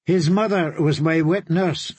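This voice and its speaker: A poised, scheming princess speaks with calm persuasion, as a male narrator puts her on. Her voice is raised well above his own, slow and slightly husky. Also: fairly high pitch, dry recording, voice pushed up. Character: proud, scheming young princess.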